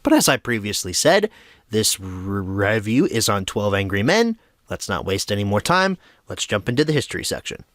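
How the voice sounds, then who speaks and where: A man's voice: lowish voice, moderate pace, no echo, studio quality. Chatty young man hosting film reviews. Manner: chatty, self-deprecating, lively storytelling. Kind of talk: casual film review monologue.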